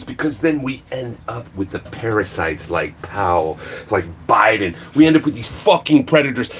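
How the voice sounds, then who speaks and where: A man ranting on a livestream, swearing a lot and swinging between shouting and low muttering. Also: breathy edge. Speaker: livestream vlogger. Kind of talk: angry profane rant.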